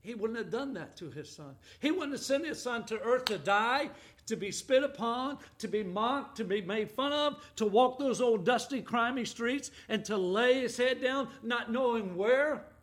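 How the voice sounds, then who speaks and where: A man with a high voice preaches an emphatic sermon. He swings from loud, stressed scripture quotes to quiet, hushed appeals. He talks as a pastor addressing his congregation. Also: expressive, moderate pace. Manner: emphatic preaching, rising and falling, drops to a hush for appeals.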